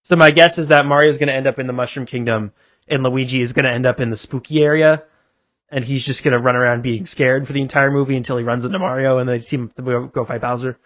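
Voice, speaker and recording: A young man co-hosting a podcast, chatting casually in quick back-and-forth. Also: mid-range voice, steady tone, a bit bright, no room sound. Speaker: podcast co-host. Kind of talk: casual chat.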